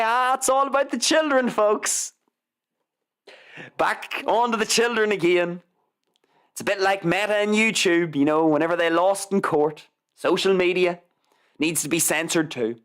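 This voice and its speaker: A woman's voice: lowish voice, animated, unhurried. A woman hosting a live news commentary show, reading articles aloud with sarcastic, mocking asides and free swearing. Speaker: show host.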